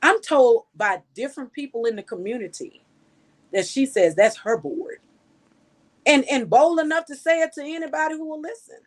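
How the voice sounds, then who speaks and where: Local woman journalist, a touch high-pitched; opinionated commentary, scolding and blunt. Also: animated, normal speed. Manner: outspoken, scolding, with sharp rhetorical questions.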